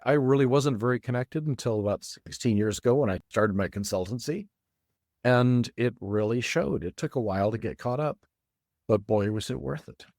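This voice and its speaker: A man's voice: mid-range voice, a little mellow, no room sound, clean studio sound. A middle-aged man who is a design consultant and an interview guest, talking in a friendly way and carefully spelling out details. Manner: friendly, careful and deliberate when giving details. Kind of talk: casual interview chat.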